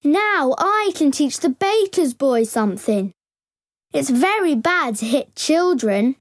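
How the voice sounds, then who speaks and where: A man voicing a young boy who has turned into a giant, in a high, slow, emphatic falsetto. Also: big pitch swings, dry recording, clean studio sound, full character voice. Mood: childlike, eager.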